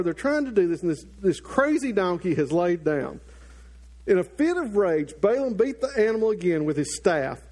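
A middle-aged man with a notably high voice preaches to his congregation. He tells the story in a lively way and acts out the characters' lines as he goes. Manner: animated storytelling with acted-out quotes. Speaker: pastor. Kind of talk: sermon.

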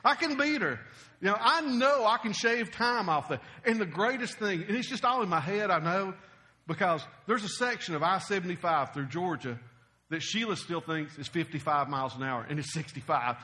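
Animated folksy preacher, high bright voice. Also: male voice, moderate pace. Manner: folksy, animated storytelling with humor. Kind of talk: sermon.

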